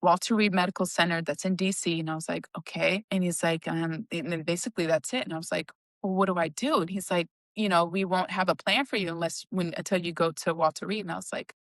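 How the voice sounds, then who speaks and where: Low-voiced woman telling her story. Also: fairly even intonation, fast, no echo. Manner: emotional, retelling dialogue with "I was like". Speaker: cancer survivor guest. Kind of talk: personal storytelling.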